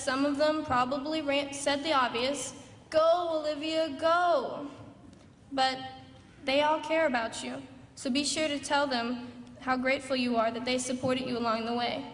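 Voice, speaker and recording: A woman's voice: sits high, fairly even intonation, normal speed, a little hiss or hum. A young woman in her late teens giving a prepared graduation speech in an earnest, building pep-talk manner. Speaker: graduating student speaker. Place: large graduation ceremony hall. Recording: echoey hall recording from far off.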